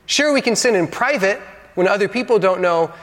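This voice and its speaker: A man with a fairly high voice preaches from the pulpit, building with dramatic pauses and dropping in playful asides to the congregation. The sound has a long reverb from a large church hall. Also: lively intonation, a bit bright. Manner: dynamic preaching, dramatic pauses, acts out quotes. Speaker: pastor. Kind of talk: sermon.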